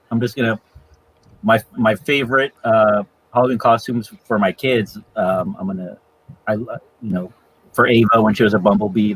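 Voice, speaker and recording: A man in his forties, a father, chatting casually on a podcast, hesitant with many pauses and chuckles. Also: on the low side, slightly rough, low-quality recording. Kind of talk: casual chat.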